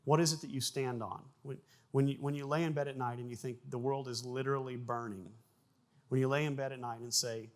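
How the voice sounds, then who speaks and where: Male pastor, mid-range voice, relaxed conversational preaching. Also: medium pitch, fairly quick. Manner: conversational preaching with restarts, bursts of loud acted sound effects. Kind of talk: sermon.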